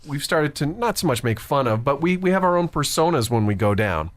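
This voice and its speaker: A man's voice: on the high side, sing-song. A man, co-hosting a voice-over podcast in a chatty, storytelling way. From Canada. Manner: chatty storyteller, quick bursts, laughs easily. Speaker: podcast co-host, voice actor. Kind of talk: casual chat.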